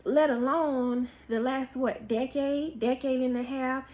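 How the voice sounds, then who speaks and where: Female preacher, high voice, unhurried sermon delivery, dramatic repetition. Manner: animated storytelling with acted-out quotes, repetition for emphasis. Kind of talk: prophetic word, sermon-style.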